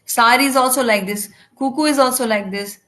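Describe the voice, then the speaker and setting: Woman with a slightly high voice, live interpreter for a spiritual class, halting delivery with restarts. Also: bright, forceful tone, rough recording. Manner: halting, with frequent restarts and fillers. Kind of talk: live translation of a devotional lecture.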